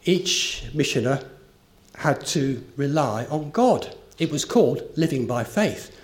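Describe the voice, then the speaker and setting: A man with a fairly high voice and lively intonation preaches slowly, earnest and emphatic, weaving in a story. He lifts his emphasis on key phrases.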